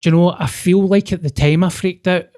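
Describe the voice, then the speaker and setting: A man's voice: high voice, fast. Sweary man telling a story. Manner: sweary, animated, acts out quoted dialogue. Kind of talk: casual storytelling.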